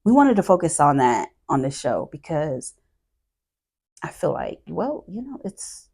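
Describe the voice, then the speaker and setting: A woman's voice: low-pitched, sing-song, unhurried, a little mellow, breathy edge. A woman hosting a podcast in casual chat, thoughtful and searching for her words as she talks. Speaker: podcast host.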